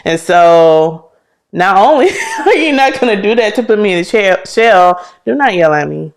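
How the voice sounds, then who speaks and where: A woman's voice: mid-range voice, expressive, moderate pace. A woman co-hosting a relationship podcast with her husband, speaking candidly and emphatically from personal experience. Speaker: podcast co-host, the host's wife. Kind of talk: casual relationship talk.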